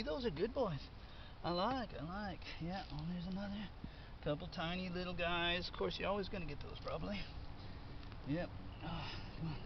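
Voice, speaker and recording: A fairly high-voiced man talks casually as he works outdoors in his garden, thinking aloud and breaking into delighted exclamations. The recording is dull and lo-fi, with clear background noise from outside and passing traffic. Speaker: home gardener. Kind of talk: casual narration while digging up potatoes.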